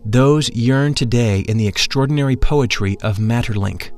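Guy reading a mystical story earnestly, medium pitch, faint music behind. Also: moderate pace. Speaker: narrator. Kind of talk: scripted mystical narration.

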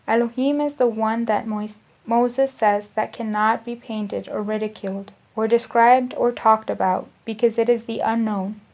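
A woman with a somewhat high voice reads esoteric spiritual teachings aloud, slow and deliberate, going back to restart and repeat her phrases. The recording is dull and lo-fi. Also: steady tone. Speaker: spiritual lecturer.

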